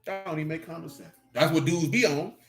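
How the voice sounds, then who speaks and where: A man teaching scripture in a casual stream, joking and swearing in street slang, with sudden animated outbursts. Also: a little high, fast talker. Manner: animated preaching with rising outbursts. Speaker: Bible teacher.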